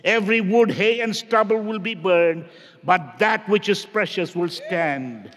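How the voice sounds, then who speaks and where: A male pastor preaching a sermon, swinging between shouted lines and low hushed ones. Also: measured pace. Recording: long reverb of a large hall.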